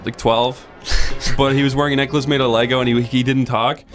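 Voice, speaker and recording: A man telling a story in casual gaming chat, deadpan, acting out the people in it. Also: mid-range voice, brisk, soft background music. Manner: deadpan storyteller, acts out quoted voices. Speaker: let's play co-host.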